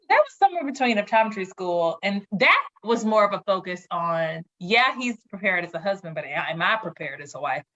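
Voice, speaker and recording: A young adult woman, a podcast guest, telling stories in casual chat, animated and laughing often as she mimics others. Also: medium pitch. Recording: dull lo-fi sound.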